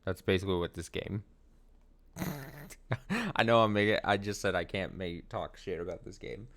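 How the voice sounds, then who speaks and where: A man's voice: sits low, expressive, moderate pace, a bit bright. A young man streaming a video game, giving casual, sarcastic commentary with swearing. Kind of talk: let's play commentary. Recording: game music behind.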